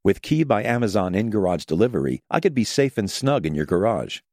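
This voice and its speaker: A cheeky talking cardboard box in a bouncy ad read, his lowish voice swooping up and down as he makes a friendly pitch. It is recorded close and bone-dry, with no room around it. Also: sing-song, a little fast, darkish tone, dry recording. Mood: chummy. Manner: chummy, jokey sales pitch. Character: talking delivered cardboard package, male. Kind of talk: radio ad read.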